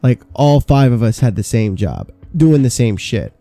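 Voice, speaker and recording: Man telling work stories, mellow voice. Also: mid-range voice, big pitch swings, normal speed, no echo, faint music behind. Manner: swearing, storytelling with quoted asides. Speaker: podcast co-host. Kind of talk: casual podcast chat.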